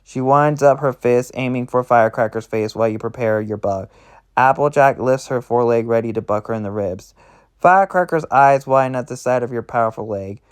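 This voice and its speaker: Smooth-voiced man reading a roleplay. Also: mid-range voice, a little fast. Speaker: roleplay narrator.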